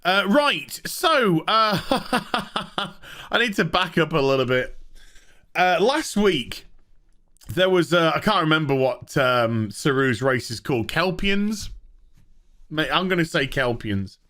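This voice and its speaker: A man with a high, bright voice rants about a TV episode, full of sarcasm and swearing. He chuckles at his own jokes and breaks into loud outbursts, and his tone is sharp and forceful. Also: animated, unhurried. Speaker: TV show reviewer. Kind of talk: ranting casual commentary.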